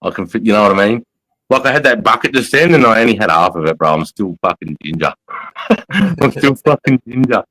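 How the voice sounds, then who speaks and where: An Australian army veteran hosts a casual livestream, reading comments in a deep, sharp voice at a quick pace. He's blunt, matey and swears heavily, and the audio quality is poor.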